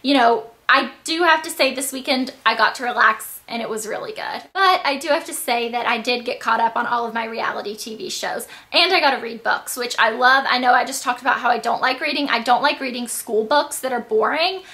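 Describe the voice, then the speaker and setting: A teenage girl chatting to her viewers in a bubbly, rambling vlog, her voice a bit hoarse. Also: fairly high pitch, a little fast, hardly any pauses, pushed and bright. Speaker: vlogger. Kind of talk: casual chat to camera.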